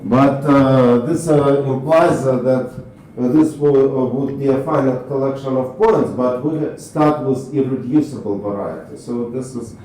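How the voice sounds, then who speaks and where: A man with a Russian accent giving a university math lecture in a halting way, filling his pauses with uh. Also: medium pitch, warm tone. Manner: halting, frequent uh fillers, switches to Russian with students. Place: lecture hall. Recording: roomy echoey classroom, mic from far off, faint noise.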